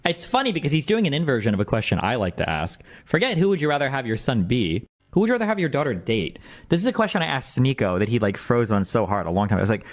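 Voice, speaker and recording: Lively, incredulous male streamer. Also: medium pitch. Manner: quick, incredulous, sarcastic retelling. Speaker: streamer reacting to videos. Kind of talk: casual reaction commentary.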